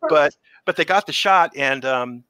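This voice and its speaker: Middle-aged guy spinning creature suit stories, bright clear voice, dry close sound. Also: on the high side, unhurried, dry recording. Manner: animated storyteller, acts out quotes. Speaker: interview guest, creature suit performer. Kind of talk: casual interview storytelling.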